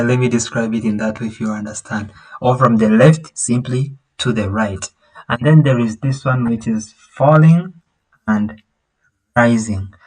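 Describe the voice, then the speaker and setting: A man teaching a language lesson over a video call, patiently explaining and singing out vowel sounds to show the tones, with halting restarts. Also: mid-range voice, rough recording. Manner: patient, repeats himself and sings out vowel sounds to demonstrate tones; halting, with many fillers and restarts.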